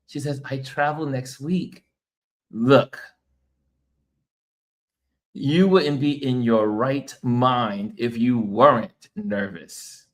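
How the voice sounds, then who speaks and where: A man's voice: medium pitch, takes it slowly. An American man, tired from travel and little sleep, hosting a casual livestream, chatting loosely and reading viewer comments aloud with frequent laughs. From United States. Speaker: livestream host.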